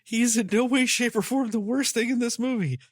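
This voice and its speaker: A man co-hosting a podcast, talking about a movie in a blunt, animated way with some swearing. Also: extremely high pitch, fairly quick, no room sound, clean studio sound. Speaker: podcast co-host. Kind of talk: casual movie review chat.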